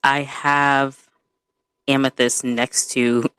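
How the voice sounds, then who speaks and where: A woman co-hosting a podcast in casual chat, talking in a relaxed, unhurried way with frequent laughter and slangy asides. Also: very deep voice, clear, resonant tone, no echo. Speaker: podcast co-host.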